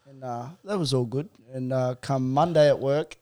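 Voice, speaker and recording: A man's voice: mid-range voice, moderate pace, darkish tone. A man rambling through a crude anecdote on a podcast. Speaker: podcast co-host. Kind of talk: casual podcast banter.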